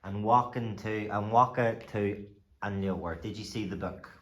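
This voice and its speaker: A man teaching a language lesson, saying each phrase and then repeating it slowly for the listener. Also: lowish voice, fairly even intonation, reverberant.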